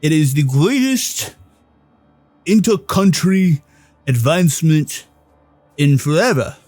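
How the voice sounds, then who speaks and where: Guy putting on a slow solemn warrior priest, all formal and pompous, dry mic. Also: medium pitch, no echo, soft background music, lightly acted. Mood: proud. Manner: slow, grave, formal speech. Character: male martial-arts priest, solemn and pompous.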